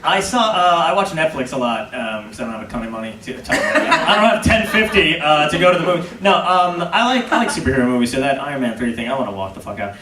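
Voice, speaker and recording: A man's voice: fairly high pitch, big pitch swings, fast, hardly any pauses, distant mic, background noise. Self-mocking male comic, raised voice. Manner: joking, self-mocking, profane. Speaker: comedian panelist. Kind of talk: stand-up comedy panel. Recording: roomy live club from afar. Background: laughing crowd.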